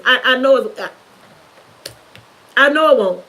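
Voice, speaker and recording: A woman's voice: high voice, lively intonation, normal speed, pauses often, sharp tone, poor audio. A middle-aged woman, giving a fervent, preachy testimony on a livestream, repeating herself for emphasis. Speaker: YouTuber.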